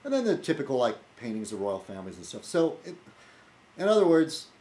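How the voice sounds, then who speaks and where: Rambling, lively male video blogger. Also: medium pitch, brisk. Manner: rambling, full of fillers and restarts, wry. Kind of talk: casual rambling monologue.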